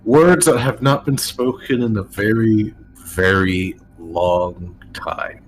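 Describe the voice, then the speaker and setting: A man narrating as dungeon master in a tabletop game, slow and dramatic. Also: on the low side, slight background noise, rough recording.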